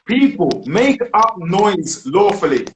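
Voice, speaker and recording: A British man with a slightly raised pitch leads a group discussion. He speaks emphatically and poses rhetorical questions to make his points. The room sounds echoey, with faint noise behind him. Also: big pitch swings, slow pace. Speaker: discussion host.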